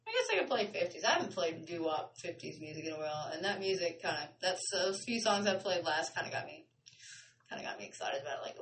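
A woman's voice: on the low side, sing-song, fast, recorded from a distance, a little hiss or hum, poor audio. Woman host, loose and joking, a little off-mic. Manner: chatty, playful, slangy. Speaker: podcast host. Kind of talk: casual chat.

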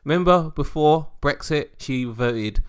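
A man co-hosting a podcast, talking politics in a sarcastic, jokey, animated way. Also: a little high, measured pace, clean tone. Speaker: podcast co-host. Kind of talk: casual political chat.

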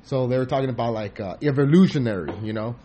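A man hosting a podcast in casual chat, rambling and profane, telling animated stories. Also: medium pitch, fast talker, a little hiss or hum. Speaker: podcast host.

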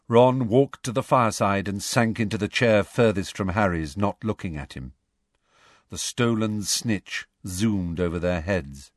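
Low-voiced man reading a storybook. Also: unhurried, no room sound, clean studio sound. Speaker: audiobook reader. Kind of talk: storybook narration.

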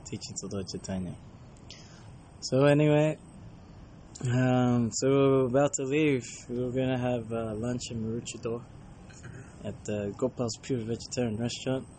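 Man, traveling monk, casual storytelling, mellow warm voice. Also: medium pitch, moderate pace, a little hiss or hum. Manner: chatty, acts out dialogue in anecdotes.

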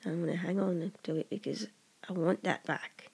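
A gravelly, husky voice talks through a personal poem in an earnest, reflective monologue. The delivery is halting, with restarts and frequent drops into a breathy whisper. It sounds like a poet working through their own words aloud. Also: mid-range voice, steady tone, a little mellow.

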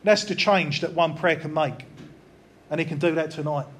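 A man's voice: on the high side, moderate pace, a little hiss or hum. A man preaching an informal, earnest sermon, talking plainly and repeating phrases for emphasis. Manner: earnest, repetitive, conversational preaching.

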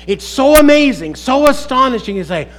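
High-voiced man preaching with rising emphasis. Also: very animated, normal speed, faint music behind, poor audio. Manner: rhetorical questions to the congregation, rising to emphatic exclamations. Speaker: pastor. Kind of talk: sermon.

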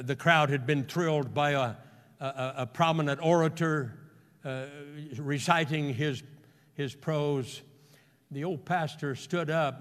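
A pastor preaches to his congregation, his voice pitched a little high for a man. He swings from quiet, drawn-out storytelling to ringing exclamations. The sound carries a long reverb through the church. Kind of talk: sermon. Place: church sanctuary.

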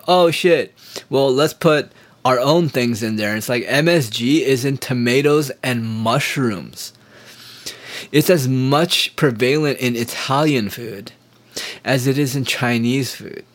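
Profane, sarcastic man ranting. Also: mid-range voice. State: recovering sore throat. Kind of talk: casual rant monologue.

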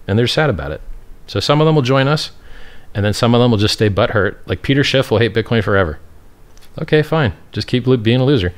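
A man's voice: mid-range voice, lively intonation, fast. A man, a crypto project founder, giving brash, boastful and scornful answers in an interview.

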